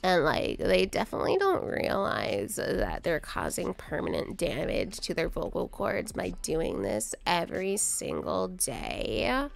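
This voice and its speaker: Chatty young woman streamer, lively pitch. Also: unhurried, creaky, few pauses. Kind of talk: casual gameplay chat. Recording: faint game music behind.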